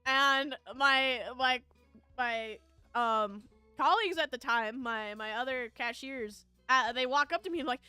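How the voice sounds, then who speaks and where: A woman's voice: high voice, unhurried, pushed and bright, smooth, dry recording, faint music behind. A woman streamer chatting casually with her viewers, telling a rambling story full of fillers and frequent laughter. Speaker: VTuber streamer.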